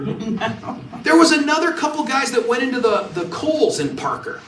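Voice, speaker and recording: A bright, forceful male speaker addresses a club meeting, throwing himself into anecdotes and voicing the people in them. He sounds a little distant from the mic, in a room with plenty of echo, and a faint hum of ambience sits underneath. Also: very high-pitched, moderate pace. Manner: animated storytelling, acting out quotes. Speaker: district attorney. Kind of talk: political club speech. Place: meeting hall.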